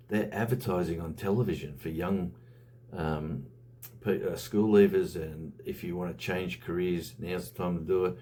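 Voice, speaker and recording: Australian male YouTuber, low pitch, relaxed rambling delivery. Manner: rambling, conversational, with frequent fillers. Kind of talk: casual vlog monologue.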